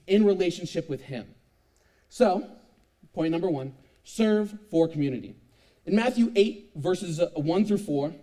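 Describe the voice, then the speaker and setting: A young man in his twenties giving a youth sermon, telling a lively, self-mocking personal story. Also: high-pitched. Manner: animated, self-mocking storytelling with frequent laughs. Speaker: youth speaker.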